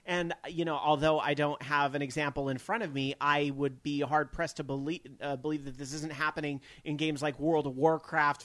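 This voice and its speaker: A man's voice: a little high, fairly bright tone, no room sound. A man hosting a gaming news stream, talking casually and rambling with fillers and restarts. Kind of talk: casual chat. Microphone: studio microphone.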